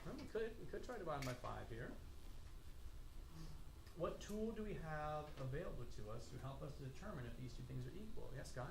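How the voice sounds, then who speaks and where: A man teaches a classroom math lesson, his voice sitting a little high for a man. He keeps asking the class questions and echoing their answers back, with a faint hiss in the recording. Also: big pitch swings, a little fast. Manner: coughs and clears throat now and then. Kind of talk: classroom lecture.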